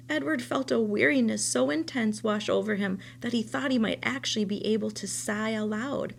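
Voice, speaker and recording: A woman teacher reads a children's novel aloud in a fairly high voice with a gravelly edge. Her storytelling is steady and expressive, and a faint hum sits behind her. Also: normal speed, hardly any pauses.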